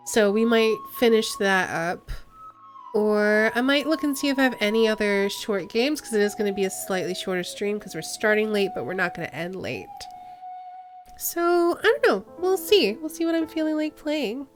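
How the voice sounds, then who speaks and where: High-voiced chatty woman streamer. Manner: chatty, giggly, meandering. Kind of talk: casual stream sign-off chat.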